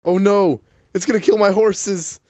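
A man's voice: high voice, fairly even intonation, a little slow, mellow, no echo. A man in gaming voice chat, talking urgently and in exasperation, with some swearing. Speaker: gamer friend.

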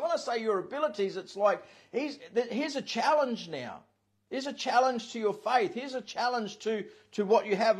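A man's voice: fairly high pitch, husky. A man, preaching as a pastor with emphasis and repeating his key phrases. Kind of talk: sermon.

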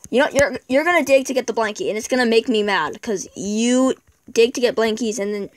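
A woman whose voice is on the high side chats fairly quickly to herself while playing, giving casual commentary for a gameplay video. The recording has no room sound.

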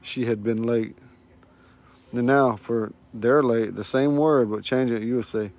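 Man, casual online lesson, phone mic at home, slow, repeats words for learners. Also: medium pitch, fairly even intonation, darkish tone. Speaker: language teacher.

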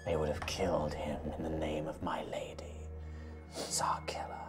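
A man voicing an old, menacing female spirit in a slow, hoarse, whispered role-play. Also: rumbling low, monotone, over music, pitched below the performer's own voice. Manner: slow, ominous, drawn-out.

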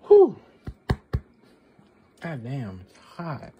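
A man's voice: lowish voice, a little slow, dull audio, background noise. A man vlogging offhand at a dinner table, rambling, swearing freely and talking while he chews, recorded on a camera microphone. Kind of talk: casual rambling vlog.

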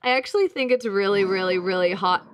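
A woman's voice: medium pitch, very animated, moderate pace, a bit bright, slight background noise. A young woman streamer chatting casually with her chat, crude and teasing, laughing often. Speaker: VTuber streamer.

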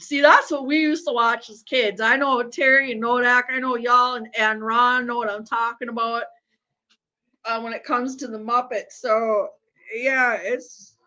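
Woman host, high and unhurried, rambling giggly chat on a dull lo-fi stream. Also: sharp tone. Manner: rambling, laughs often, swears freely. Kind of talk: casual chat while watching a game. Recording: dull lo-fi sound.

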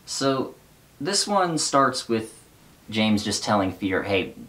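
A man's voice: mid-range voice, big pitch swings, takes it slowly, fairly bright tone. A man casually recapping and reading from a novel, rambling with fillers and wry asides.

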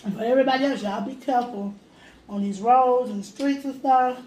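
A woman's voice: on the high side, fairly quick, a little mellow. A woman hosting a casual home mukbang, talking in an earnest, heartfelt, rambling way. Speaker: host. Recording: echoey room with light noise.

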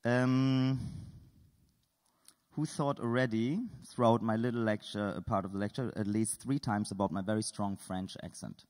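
A man with a fairly low voice leads an interactive lecture, quizzing the audience with dry, playful questions. His voice rings with the long reverb of a lecture hall. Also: fairly even intonation, normal speed, darkish tone. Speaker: artist giving a lecture. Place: lecture hall at an art school.

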